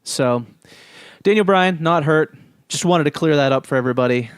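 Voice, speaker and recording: A man's voice: fairly high pitch, normal speed, clear, resonant tone, dry recording, studio quality. A man co-hosting a casual podcast chat, steering the topics in a laid-back, matter-of-fact way. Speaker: podcast co-host.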